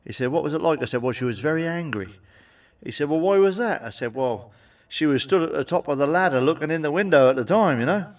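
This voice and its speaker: A man's voice: on the high side, expressive, quick pace, distant mic. A man telling blunt, sweary stand-up jokes and tagging them with cheeky questions. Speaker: stand-up comedian. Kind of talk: stand-up joke monologue.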